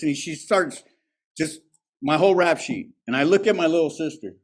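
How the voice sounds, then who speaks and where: Speaking at a recovery alumni meeting, a man recounts his own recovery frankly and profanely, in a streetwise style. He has a slightly high voice and keeps a moderate pace.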